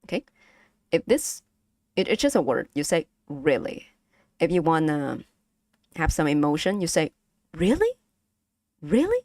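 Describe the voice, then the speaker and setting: A woman's voice: low-pitched, expressive, normal speed, long pauses, darkish tone, dry recording, clean studio sound. A woman with a Vietnamese accent teaching her stream chat to pronounce Vietnamese tones in a playful, giggly way. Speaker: vtuber language streamer. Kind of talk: casual language lesson to stream chat.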